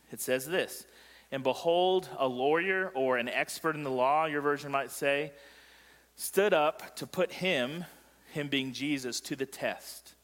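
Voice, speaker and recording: A man's voice: medium pitch, a bit bright, long reverb tail. A male pastor preaching a sermon in a joking way, quizzing the congregation as he goes. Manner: joking, asks the congregation questions. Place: church sanctuary.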